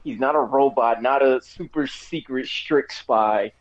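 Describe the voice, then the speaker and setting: A man's voice: medium pitch, a little slow, muffled recording. A man co-hosting a casual chat, rambling through a movie review with many fillers and restarts, while he has the hiccups. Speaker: podcast co-host giving a movie review.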